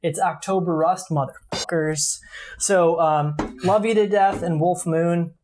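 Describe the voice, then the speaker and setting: A man's voice: high-pitched, fairly even intonation, a little slow, background noise. A man co-hosting a casual podcast, talking in a loose way, swearing and restarting his sentences. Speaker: podcast co-host. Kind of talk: casual chat.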